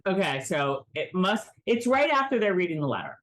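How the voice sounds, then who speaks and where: A woman co-hosting a casual recap podcast, chatty and animated, with frequent restarts. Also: fairly low pitch, brisk, a little hiss or hum. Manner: lively, chatty, with frequent restarts and self-mocking impressions. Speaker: podcast co-host.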